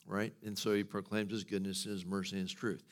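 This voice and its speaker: Middle-aged man preaching, casual and joking, lively storyteller. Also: sits low, quick pace. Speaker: pastor. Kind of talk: sermon.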